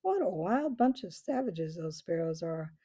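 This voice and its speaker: A woman's voice: fairly low pitch, big pitch swings, a little slow, dark tone, slightly rough, full character voice. A woman voicing a plucky mother squirrel who speaks in a breathless, candid way in a storybook reading. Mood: weary.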